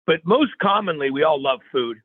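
A male guest chef telling animated stories on a radio show, full of restarts and repeated phrases. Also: a little high, normal speed, slightly rough, no echo. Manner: energetic, repeats and restarts phrases, acts out quotes. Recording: tinny phone line, dry.

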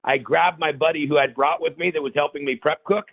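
A male guest chef telling animated stories on a radio show, full of restarts and repeated phrases. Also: on the high side, fairly quick, vocal fry, dry recording. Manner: energetic, repeats and restarts phrases, acts out quotes. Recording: tinny phone line, dry.

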